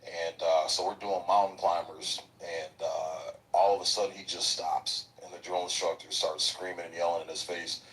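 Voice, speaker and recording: A man with a low, deep voice spins crude, slang-heavy anecdotes about boot camp, swearing freely as he rambles. He sits a little back from the microphone, so he sounds slightly distant. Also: level tone, moderate pace, few pauses, fairly bright tone, slight background noise. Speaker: guest, military veteran. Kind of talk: casual profane storytelling.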